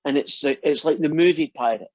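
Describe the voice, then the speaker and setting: A teacher in an online class, chatty and quick to laugh while telling jokes. The voice is husky in a middling register. The sound is dull and dry, like a video call. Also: mid-range voice, darkish tone, dry recording. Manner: chatty, encouraging, laughs easily.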